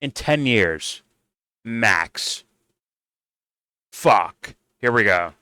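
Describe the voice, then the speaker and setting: A man's voice: fairly low pitch, lively intonation, drawn-out words, sharp tone, clear, resonant tone, no echo. Profane, exasperated man ranting. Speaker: host reacting to a debate. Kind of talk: reaction commentary.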